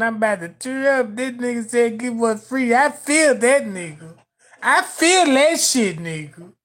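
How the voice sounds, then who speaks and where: Speaking at medium pitch, a commentator addresses viewers directly in casual video commentary. He's emphatic and profane, using street slang throughout.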